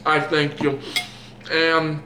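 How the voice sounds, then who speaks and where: A man's voice: on the high side, monotone, extremely slow, noisy background. A young man vlogging while he eats, rambling and self-mocking, woozy after having his eyes dilated. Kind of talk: rambling casual chat to camera. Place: indoors at home, eating. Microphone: camera mic. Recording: roomy echo, faint clatter of dishes.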